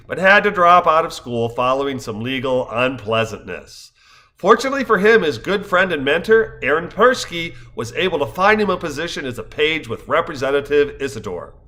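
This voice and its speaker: Fifties guy reading a wry script, bright edge to his voice, likes his puns. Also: mid-range voice. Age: 50s. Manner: wry, wordplay-laden storytelling. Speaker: stage actor. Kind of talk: scripted narration.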